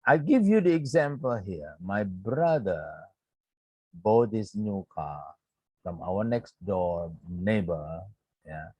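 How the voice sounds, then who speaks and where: Man, Indonesian accent, grammar teacher, unhurried delivery, dry close sound, keeps saying yeah. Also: lowish voice, a little mellow, dry recording. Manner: slow and repetitive, with frequent "yeah" checks. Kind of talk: online lecture.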